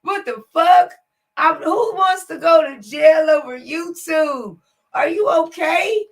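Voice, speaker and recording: A woman hosting a reaction video, talking loudly and profanely, laughing and incredulous at what she watches. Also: extremely high pitch, slow. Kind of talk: casual reaction commentary.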